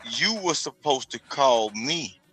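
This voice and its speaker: A man's voice: mid-range voice, animated, slow, fairly bright tone, husky, no room sound, poor audio. A man talking in casual chat, telling things in a profane, streetwise way. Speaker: podcast guest.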